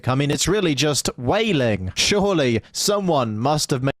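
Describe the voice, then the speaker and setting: A man co-hosting a talk show, introducing clips with sardonic, deadpan remarks. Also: a little high, normal speed, dry recording, studio quality.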